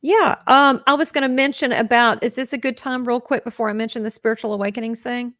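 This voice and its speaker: A woman guest on a live video chat, making quick, eager announcements in a chatty way. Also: fairly high pitch, steady tone, a bit bright, dry recording, studio quality.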